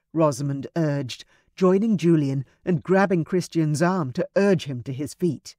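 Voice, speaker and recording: A woman narrating a romance audiobook in a measured, expressive reading. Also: low-pitched, no room sound, clean studio sound.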